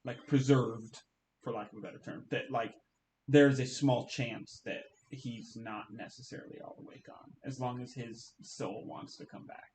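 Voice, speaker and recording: A young man at a game table talks through his plan haltingly, restarting his sentences. His voice sits in the middle range. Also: mid-range voice, fairly even intonation, darkish tone, slight background noise, rough recording. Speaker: player. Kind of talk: casual game chat.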